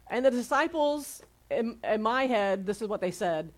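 A woman pastor delivers her sermon in a relaxed, chatty way. She retells the story with playful asides and questions for her listeners. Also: on the high side, moderate pace. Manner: casual, conversational preaching with playful retellings.

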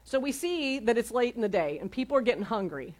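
A woman pastor delivers her sermon in a relaxed, chatty way. She retells the story with playful asides and questions for her listeners. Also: fairly high pitch, a little fast. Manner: casual, conversational preaching with playful retellings.

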